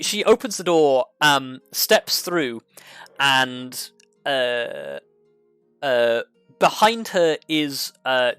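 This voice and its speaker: Halting man narrating a tabletop game. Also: medium pitch, a bit bright, clean tone, no echo. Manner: halting, full of fillers. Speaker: game master.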